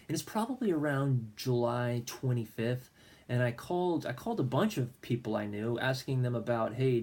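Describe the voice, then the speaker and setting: In a warm, mid-range voice, a middle-aged man who serves as a minister recounts his own story of faith for a testimony vlog. He speaks earnestly and performs the prayers he once said.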